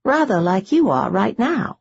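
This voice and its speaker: A woman's voice: medium pitch, big pitch swings, measured pace, vocal fry, slightly rough, dull audio, voice pushed up, exaggerated voice. A woman voicing a cheerful, teasing young noblewoman who speaks earnestly. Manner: bright, teasing, solemn at times.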